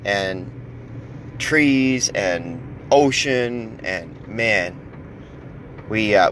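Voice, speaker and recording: A man's voice: on the low side, background noise. A man hosting a podcast who tells a long story in a casual, rambling way, full of fillers and laughs. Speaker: podcast host.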